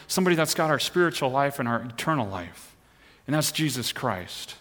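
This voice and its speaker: A middle-aged man preaching a sermon, telling a personal story in an animated way and pushing harder at the exciting moments. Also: medium pitch, brisk, in a large hall. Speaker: pastor.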